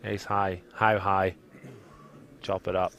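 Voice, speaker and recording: A man's voice: sits low, level tone, takes it slowly, vocal fry, fairly bright tone. A man from Northern Ireland with a Northern Irish accent, calling a live poker stream in a chatty, teasing way. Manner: chatty, laughs often, teasing. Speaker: poker commentator.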